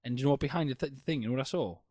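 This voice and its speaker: A man's voice: medium pitch, very fast, mellow, no echo, studio quality. A man co-hosting a podcast, swearing, teasing and acting mock-outraged. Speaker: podcast co-host. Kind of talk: casual podcast banter.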